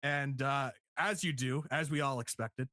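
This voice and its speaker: A man co-hosting a casual podcast review, laughing often and acting out quotes in higher voices. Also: fairly even intonation, measured pace, pushed and bright, dry recording, clean studio sound. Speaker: podcast co-host.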